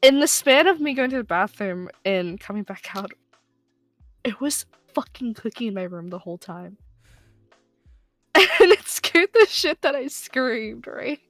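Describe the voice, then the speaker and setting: Bright, animated woman telling a story. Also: a little high, a little slow, no echo, soft background music. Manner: animated, swears a lot, loud bursts when excited. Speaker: guest co-player, voice actor. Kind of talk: casual storytelling over a game stream.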